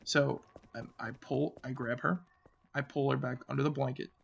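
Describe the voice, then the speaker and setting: A man with a deeply gravelly, creaky voice tells a story of a frightening night in a rambling, halting way, full of restarts and filler. His voice sinks to a murmur when he recalls his own fearful thoughts. The recording is a bit muffled with faint background noise. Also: steady tone. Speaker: channel host. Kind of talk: casual storytelling.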